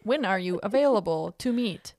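A woman's voice: mid-range voice, moderate pace, no echo. Chatty young woman, dry close sound. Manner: animated storytelling, full of acted-out quotes, swears freely. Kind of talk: casual chat.

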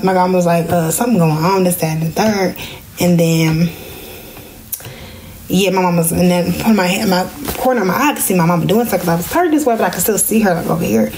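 A young woman, telling a personal story in a casual podcast vlog and jumping into high voices when she quotes people. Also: a little mellow, a little hiss or hum. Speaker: podcast host.

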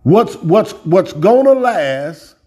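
Fairly high-voiced man preaching, folksy. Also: big pitch swings, takes it slowly, mellow, slightly rough. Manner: repeats words while building up, folksy and direct. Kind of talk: sermon.

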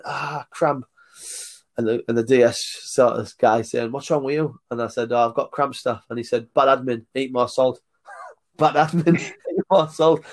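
A man speaks at an ordinary middle pitch, blunt and plain-spoken. He tells stories in a loose podcast chat, acts out what others said, and laughs between his points. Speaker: guest, outdoor tour leader. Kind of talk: casual podcast storytelling.

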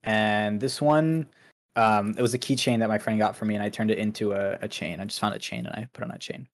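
A man's voice: lowish voice, brisk. Loose, rambling young streamer guy. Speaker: streamer guest. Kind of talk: casual livestream chat.

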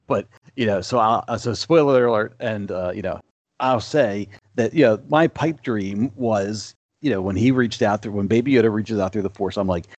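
A man's voice: on the low side, moderate pace, a little mellow, dry recording. A man co-hosting a podcast. He chats casually and eagerly, with many fillers as he retells his reactions. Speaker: podcast co-host. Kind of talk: casual chat.

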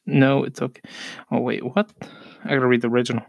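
A man's voice: mid-range voice, little pitch movement, fairly quick, creaky, dry recording, studio quality. A man co-hosting a casual podcast, rambling and swearing freely as he jokes, laughs at himself and keeps burping between sentences. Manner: loose, profane, jokey, laughs at himself. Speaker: podcast co-host. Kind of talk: casual rambling chat, reading posts aloud.

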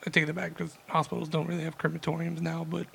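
A man's voice: fairly high pitch, completely flat delivery, fast, gravelly, a bit bright, slightly rough. A young man co-hosting a podcast, telling a rambling, laid-back story full of fillers. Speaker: podcast co-host. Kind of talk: casual storytelling chat.

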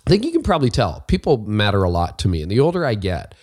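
A male podcast host with a somewhat low voice talks in a casual, upbeat monologue. He pokes fun at himself and sounds friendly and relaxed. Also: fast talker. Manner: chatty, self-deprecating, upbeat.

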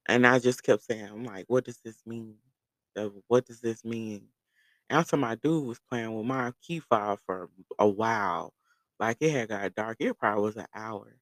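A man's voice: on the low side, normal speed, no echo. Casual storytelling man, dry close sound. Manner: animated, profane, laughs through the story. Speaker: vlogger.

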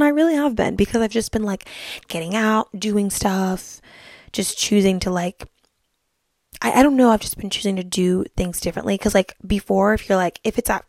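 A young woman vlogs to camera in a chatty, bubbly style, using "like" over and over. Her voice sits mid-range and a little mellow, recorded in studio quality with no room sound.

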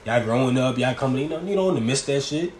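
Young male vlogger from New York, laid-back and rambling, slangy delivery, mid-pitched voice, faint noise underneath. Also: animated, fast talker. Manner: loose, rambling, slangy talk with laughs. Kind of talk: casual chat.

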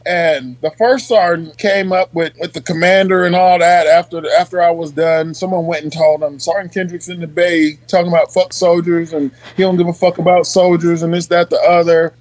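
A middle-aged Army sergeant telling stories in a casual podcast chat, swearing freely and acting out what people said. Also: male voice, sits high, a little fast, hardly any pauses, no echo. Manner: profane, animated storyteller acting out quotes.

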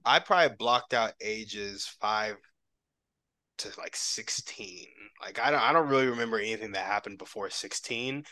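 Low, forceful man speaking reflectively. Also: moderate pace, no echo. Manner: reflective and hesitant, many fillers. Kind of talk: casual podcast conversation.

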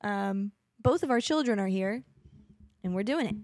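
With clean studio sound and no room sound, a mid-range, expressive woman's voice with a darkish tone speaks at normal speed. She is a mother co-hosting a casual podcast chat at home near her children, rambling, using many fillers, and laughing often.

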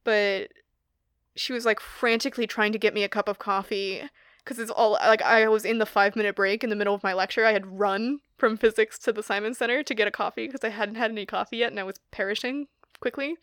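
A woman's voice: medium pitch, steady tone, fast talker, a bit bright, clear, resonant tone, no echo, clean studio sound. A young woman chatting casually, rambling with many fillers and frequent laughter. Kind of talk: casual chat.

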